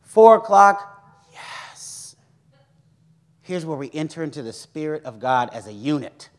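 A young man preaching a sermon in a lively, joking way, acting out the voices of others. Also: mid-range voice, brisk.

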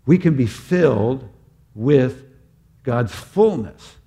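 A man preaching a sermon as a pastor, moving between loud emphatic peaks and quiet, intimate prayer. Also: medium pitch, expressive, slow.

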